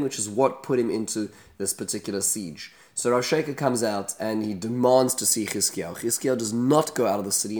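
A man giving a daily scripture study lesson, explaining the text and asking rhetorical questions. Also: fairly low pitch. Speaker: Bible teacher.

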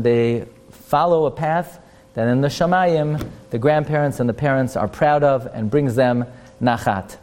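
A man giving a sermon-style Torah talk at a memorial gathering, asking questions and answering them, rising in pitch to stress points. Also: darkish tone.

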